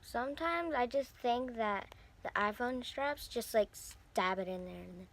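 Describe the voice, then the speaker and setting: A young woman chatting casually as she unboxes squishy toys, gushing and breathy as she talks. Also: a little high, unhurried, a bit bright. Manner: gushing, breathy squeals over cute toys. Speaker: vlogger.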